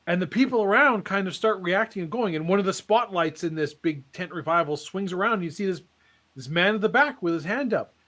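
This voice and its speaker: High-voiced man telling a comic story. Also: expressive, bright, forceful tone. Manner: dramatic storyteller with suspenseful pauses. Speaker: podcast co-host.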